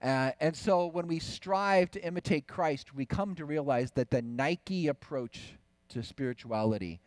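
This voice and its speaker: A man's voice: on the high side, a little slow, no room sound. Man telling stories at a conference. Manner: lively storyteller asking the audience questions. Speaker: conference speaker. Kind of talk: faith conference talk with stories.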